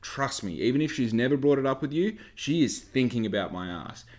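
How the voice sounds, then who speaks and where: Young aussie guy rambling to camera, swears constantly, gets worked up and loud. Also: medium pitch, expressive, brisk. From Australia. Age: young adult. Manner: swears a lot, rambling, flares into loud rants. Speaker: vlogger. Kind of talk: casual chat.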